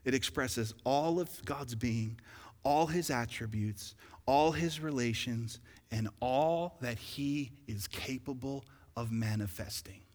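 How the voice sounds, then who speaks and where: A male pastor preaching a sermon, shifting from conversational asides to loud, emphatic calls to the congregation. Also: medium pitch, slow, long reverb tail. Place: church sanctuary.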